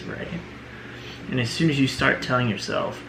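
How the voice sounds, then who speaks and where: A man's voice: mid-range voice, moderate pace, creaky, noisy background. A man talking earnestly in a personal vlog, leaning on "you know" and "right?" as he reflects. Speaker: vlogger.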